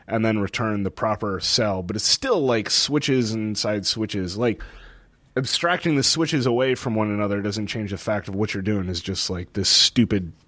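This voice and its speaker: A man's voice: lowish voice, moderate pace, no room sound. A young man co-hosting a podcast, telling stories in casual chat, laughing often and acting out what people said. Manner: animated storyteller, laughs often, acts out quotes. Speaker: podcast co-host. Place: lives in a city in the northeastern United States.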